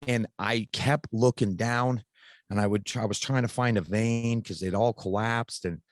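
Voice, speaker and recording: A man's voice: lowish voice, fairly even intonation, moderate pace, no echo. A man in his thirties, a podcast guest, telling a personal story in a casual, frank way and swearing freely.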